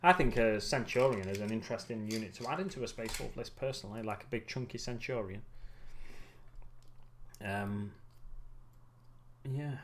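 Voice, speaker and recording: A man's voice: on the low side, normal speed, pauses often, noisy background. Rambling man chatting over a hobby desk. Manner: rambling and musing, many ums and self-corrections. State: getting tired. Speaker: hobby livestream host. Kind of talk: casual chat while building miniatures.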